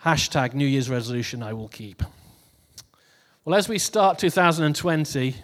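A man's voice: fairly high pitch, animated, moderate pace, long reverb tail. A man giving a casual New Year sermon who reads out funny posts and laughs at his own jokes before turning to scripture. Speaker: preacher.

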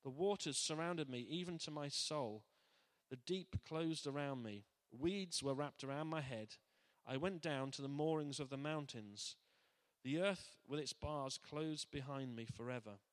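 A man reading scripture aloud who voices a grave prophet's prayer in a solemn, measured way. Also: a little high, close to an everyday voice. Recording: long hall reverb.

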